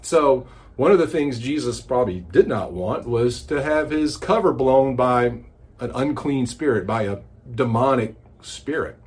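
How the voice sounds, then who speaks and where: A man hosting a casual devotional podcast, teaching the Bible as an animated, conversational storyteller. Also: mid-range voice, a little slow.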